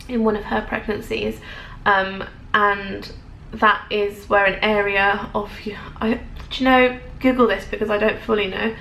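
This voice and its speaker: A young woman with an English accent shares a personal story in a vlog, her voice carrying a gravelly fry. She hesitates and restarts often, speaking with open emotion. The room sounds echoey, with a faint hiss of noise behind her. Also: mid-range voice, a bit bright. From England. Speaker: vlogger.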